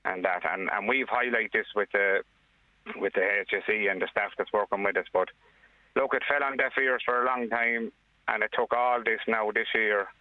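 An Irish father speaking earnestly on a radio phone-in, with plain, halting restarts. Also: lowish voice, fairly even intonation, no room sound. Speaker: caller, father. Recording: dry tinny phone line.

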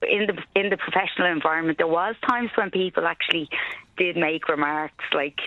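A woman with a Dublin accent calling a radio show, hesitant and soft-spoken. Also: lowish voice, fairly quick, no echo. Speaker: caller. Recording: tinny phone line.

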